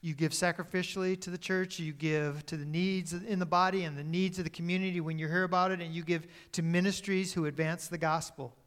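High-voiced pastor preaching with swings. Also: male voice, little pitch movement, fairly quick, hardly any pauses, clean tone. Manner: preaching with emphatic swings from loud to quiet; self-correcting mid-sentence. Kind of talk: sermon.

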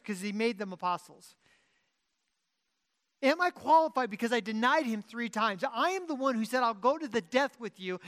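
This sermon is delivered by a pastor as a relaxed teaching talk. His voice rises to loud, pressing emphasis and drops to quiet asides, with sentences regularly restarted and corrected partway through.

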